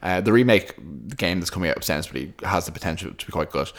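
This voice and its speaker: A man's voice: sits low, fast talker. A man co-hosting a podcast, chatting casually and rambling with many restarts. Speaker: podcast co-host. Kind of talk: casual chat.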